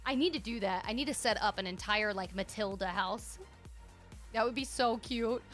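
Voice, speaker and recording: A woman streamer commenting excitedly on a game, gushing and thinking aloud as she tours player-made spaces. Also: mid-range voice, normal speed, soft background music.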